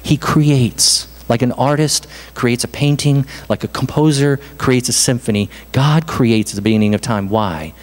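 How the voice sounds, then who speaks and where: A man preaching a sermon as pastor, in an animated, conversational way with self-deprecating asides. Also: mid-range voice, moderate pace, few pauses. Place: church hall. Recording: reverberant hall.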